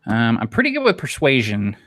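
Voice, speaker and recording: A man playing a tabletop game, describing his character's actions in a measured way. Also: medium pitch, huge pitch swings, fairly bright tone, a little hiss or hum. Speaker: player.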